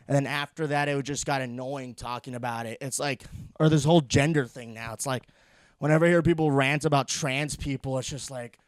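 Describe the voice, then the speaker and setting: A man's voice: a little high, no echo, clean studio sound. Crude rambling young man on a solo podcast. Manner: crude, rambling, swearing, laughing at his own dark jokes. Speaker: podcast host.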